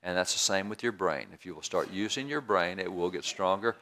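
A man's voice: low voice, a little fast, pushed and bright. A man preaching a sermon in a folksy, down-home way, repeating phrases for emphasis. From rural area.

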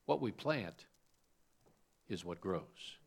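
A man's voice: deep voice, expressive, takes it slowly, creaky. A man preaching a sermon, from suburban Chicago, asking rhetorical questions and telling homespun stories. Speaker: pastor.

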